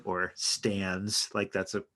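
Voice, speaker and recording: A man's voice: sits low, flat delivery, slow, pushed and bright. A man co-hosting a casual comedic podcast chat, playful and mock-earnest, asking about slang. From not from New York. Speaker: podcast co-host.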